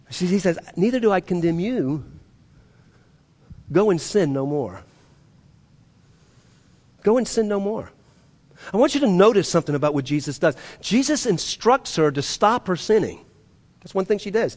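A man preaching a sermon, animated and acting out the voices he quotes, his voice rising and dropping sharply. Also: high-pitched, moderate pace, slightly rough. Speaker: pastor.

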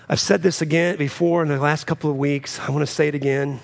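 A man preaching a sermon, swinging between loud, high climaxes and low, quiet drops, repeating phrases for emphasis. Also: expressive, brisk, vocal fry, hardly any pauses. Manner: preaching with sudden rises and drops in pitch and loudness, repeating phrases. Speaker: pastor.

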